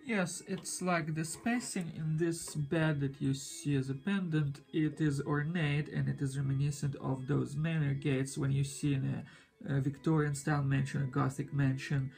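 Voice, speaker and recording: Gravelly man speaking in measured tones. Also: on the high side, steady tone, darkish tone, faint music behind. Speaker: cameraman. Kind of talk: casual chat.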